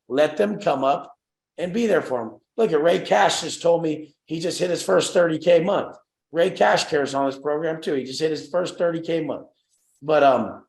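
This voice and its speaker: A man's voice: fairly high pitch, vocal fry, echoey room, rough recording. A young man hosting a group coaching call, brash and swearing, acting out the voices of people he quotes.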